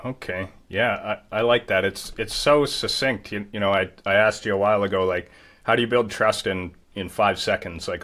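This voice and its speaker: Bright-voiced low male interviewer. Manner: hesitant, restarts phrases. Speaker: podcast host. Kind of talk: casual interview questions.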